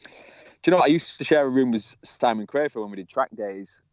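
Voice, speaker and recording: A man's voice: medium pitch, lively intonation, brisk, dry recording. A man co-hosting a podcast in casual chat, telling rambling, cheeky stories while calling in by phone from an outdoor field. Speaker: podcast co-host. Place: outdoors in a field, sitting on a tree stump. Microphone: mobile phone. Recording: dull lo-fi phone audio.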